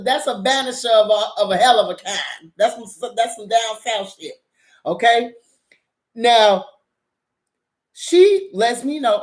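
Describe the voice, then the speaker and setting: A middle-aged woman telling a neighborhood story to her viewers, animated and profane, acting out everyone's lines. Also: mid-range voice, normal speed. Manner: animated, profane, acts out quotes. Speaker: drama vlogger.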